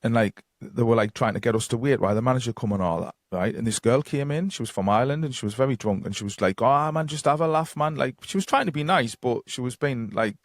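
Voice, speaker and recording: A Geordie psychic medium from North East England guests on a podcast, talking fast with lively intonation and hardly any pauses. He tells long, casual, rambling anecdotes packed with fillers and quoted dialogue. The recording is dry with clean studio sound.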